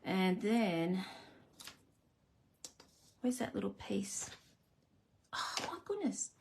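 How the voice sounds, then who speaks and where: A woman's voice: mid-range voice, big pitch swings, extremely slow, creaky, darkish tone, slight background noise. Chatty woman crafting live. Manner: chatty, self-deprecating, talks to viewers while working. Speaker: crafting live stream host. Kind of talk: casual live crafting demo.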